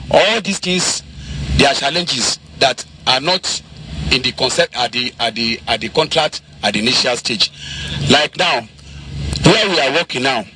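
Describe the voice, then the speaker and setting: A man answering questions as a road contractor, halting and restarting his words often. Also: mid-range voice. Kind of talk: on-site press questioning. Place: outdoors beside a busy road. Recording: outdoor recording with loud traffic noise.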